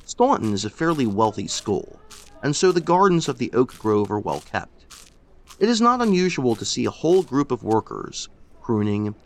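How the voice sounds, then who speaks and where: A man narrating a first-person story in a measured, expressive way. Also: medium pitch. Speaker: audiobook narrator.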